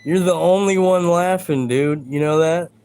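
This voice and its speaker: A man's voice: a little high, normal speed, a little mellow, clear, resonant tone. A man hosting a live stream, talking to his chat in a combative, profane, ranting way.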